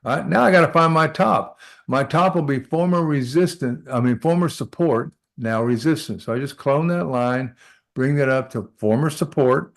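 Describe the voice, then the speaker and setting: A man teaching a live trading lesson, talking through charts aloud and often checking in with "all right?". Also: mid-range voice. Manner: repeats short phrases while working. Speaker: trading instructor.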